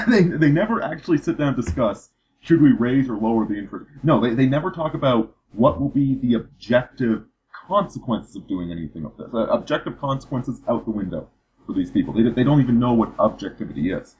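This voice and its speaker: A man's voice: mid-range voice, lively intonation, a little fast, a little mellow. A man hosting a casual political chat, rambling and restarting his sentences with repeated words. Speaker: podcast host. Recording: dull lo-fi podcast audio.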